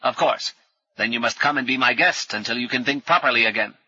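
A man's voice: mid-range voice, fairly quick, pushed and bright, slightly rough, no room sound, muffled recording. A man voicing a confident male frog-like fisher creature with a faint quacking lilt. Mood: matter-of-fact.

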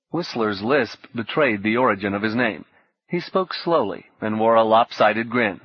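Husky male audiobook narrator. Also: fairly low pitch, normal speed, no echo. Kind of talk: scripted narration. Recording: dull, dry lo-fi recording.

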